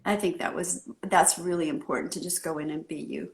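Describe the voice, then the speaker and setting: A woman from California, a guest artist in a casual interview, telling her story in an animated way and acting out the scene. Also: fairly low pitch, brisk, vocal fry.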